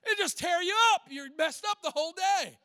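A pastor preaches in a folksy, animated way, teasing the congregation with everyday stories before turning serious. His voice sits unusually high for a man and rings bright and forceful. The sound is close and dry, with no room echo. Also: brisk. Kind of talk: sermon.

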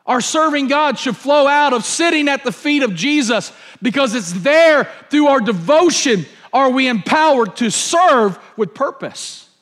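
A pastor delivers a sermon in a notably high voice for a man. He hammers his points home through repetition and brings the story to life by acting it out. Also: expressive, measured pace, few pauses, fairly bright tone. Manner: repetitive, emphatic, acts out scenes.

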